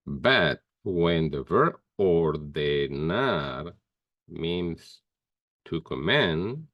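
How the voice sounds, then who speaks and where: Slow, deep-voiced male teacher. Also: lively intonation, no echo, highs cut off. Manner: slow, careful explaining with pauses and fillers. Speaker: Spanish teacher. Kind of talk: grammar lesson.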